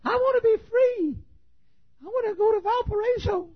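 A man's voice: moderate pace, muffled recording. A preacher voicing a tiny male Chihuahua that yaps and whines to be let out. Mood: pleading. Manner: squeaky high yapping, whiny pleading. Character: tiny yapping male Chihuahua pleading to be freed.

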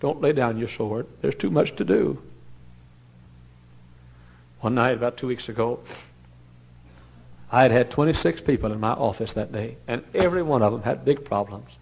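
Impassioned old preacher, lo-fi. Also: male voice, mid-range voice, expressive, normal speed, creaky, long pauses, husky. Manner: swings from loud impassioned shouting to hushed tender storytelling. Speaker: pastor. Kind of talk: sermon. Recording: dull lo-fi sermon recording.

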